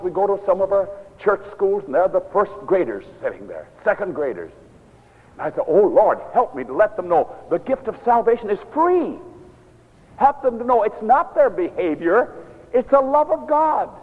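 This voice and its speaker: An older man preaching a sermon as a minister, animated, sometimes stern, often acting out what others say. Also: high-pitched. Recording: tinny phone-like sound in a large reverberant hall.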